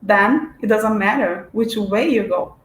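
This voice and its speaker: A woman voicing the grinning Cheshire Cat, read calmly aloud from a storybook. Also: mid-range voice, unhurried, lightly acted. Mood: wry. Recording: echoey room.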